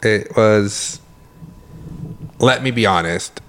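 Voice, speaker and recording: A man's voice: on the low side, takes it slowly, fairly bright tone. A man co-hosting a podcast, chatting casually and telling rambling stories, often correcting himself and laughing. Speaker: podcast co-host; works in the medical field. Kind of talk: casual chat.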